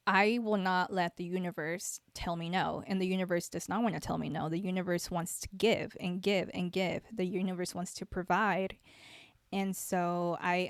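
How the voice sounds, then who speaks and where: A young woman with a fairly low voice hosts her own solo podcast, recorded with clean studio sound and no room sound. Her casual talk is rambling and reflective, full of fillers and restarts.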